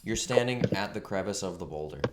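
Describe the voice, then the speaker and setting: Game master: low-pitched man, laid-back narration, roomy room with faint hiss. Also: lively intonation, a little fast. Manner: laid-back, swears casually.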